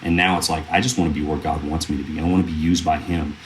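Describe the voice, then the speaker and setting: Speaking very quickly in a very deep voice with fairly even intonation, this thirty-something film producer rambles through earnest stories, full of fillers and restarts. It's a casual podcast interview, with slight background noise.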